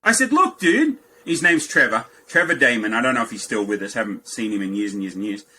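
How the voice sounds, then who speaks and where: Bright-voiced Australian man telling stories. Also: fairly quick, a little hiss or hum, low-quality recording. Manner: animated anecdotes, jumps high for quoted lines. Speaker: guest. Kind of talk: storytelling in a podcast interview.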